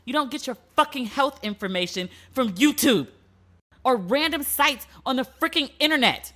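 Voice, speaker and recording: A woman's voice: high voice, normal speed. A woman hosting a solo podcast, talking bluntly and profanely as she tells stories and vents. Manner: blunt, profane, animated storytelling. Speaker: podcast host.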